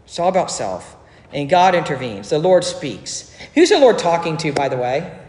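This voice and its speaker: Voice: mid-range voice, sing-song, brisk, darkish tone. A pastor delivering a sermon, explaining scripture in a conversational way with joking asides. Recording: echoey hall with long reverb.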